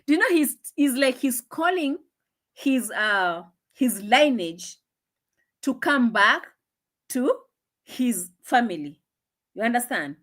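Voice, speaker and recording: A young woman hosting a casual live stream, chatting and laughing, dropping into low asides, on a phone mic. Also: very animated, takes it slowly, long pauses, a bit bright.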